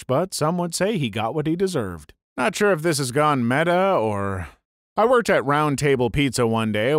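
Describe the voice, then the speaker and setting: A man narrating online stories aloud in a steady, matter-of-fact read. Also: on the high side, no room sound, studio quality. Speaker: story narrator.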